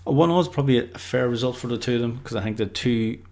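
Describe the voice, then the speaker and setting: A man's voice: medium pitch, fast, darkish tone. A man giving casual, unscripted football predictions, rambling loosely and leaning on lots of filler words. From Ireland.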